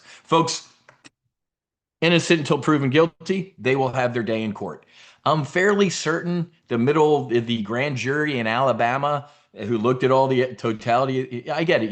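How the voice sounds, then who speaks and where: A middle-aged man talks through a live investing briefing in loose, unscripted commentary. He is blunt, swears freely and wanders off into asides and restarts. His voice sits at an ordinary pitch for a man.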